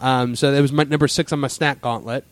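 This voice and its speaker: A man's voice: mid-range voice, steady tone, fast, no echo. A man hosting a casual podcast, chatting in a rambling way with lots of fillers. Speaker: podcast host. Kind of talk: casual chat.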